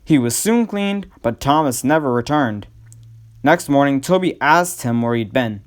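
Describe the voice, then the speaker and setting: A man reading a storybook aloud as the narrator, in a measured, even way. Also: mid-range voice.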